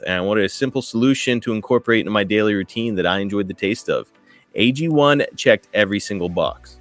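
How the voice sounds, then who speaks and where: A man's voice: on the low side, fairly bright tone, no echo. A man in his thirties co-hosting a podcast, chatting casually and enthusiastically. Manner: casual, enthusiastic, uses "dude" and "guys". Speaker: podcast co-host. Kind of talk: podcast ad read and interview.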